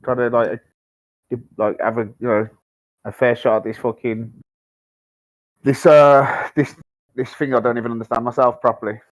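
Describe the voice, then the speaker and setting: A man with a Birmingham accent in an online debate, rambling and halting, searching for his words and quick to take offence. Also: medium pitch, flat delivery, no echo, poor audio. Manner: rambling, halting, easily riled. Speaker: debater on a live stream.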